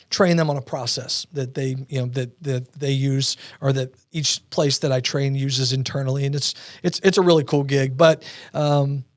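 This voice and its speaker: A man telling his story as a podcast guest, animated and acting out the voices of people he quotes. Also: medium pitch, no echo, clean studio sound. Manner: animated, acts out quoted dialogue. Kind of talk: storytelling interview talk. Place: podcast studio.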